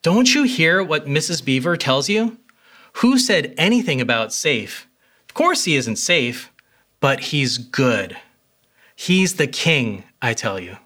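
A man's voice: fairly high pitch, very animated, takes it slowly, bright, forceful tone, heavily acted. A man voicing a stern, insistent male talking beaver from a storybook reading. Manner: emphatic, insistent.

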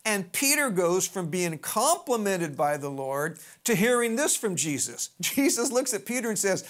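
A preacher delivers a sermon as lively storytelling. The voice leaps up and drops low from phrase to phrase, and wanders off into folksy side remarks before coming back to the point. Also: moderate pace. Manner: animated storytelling with sidebars and big pitch swings; conversational, folksy asides.

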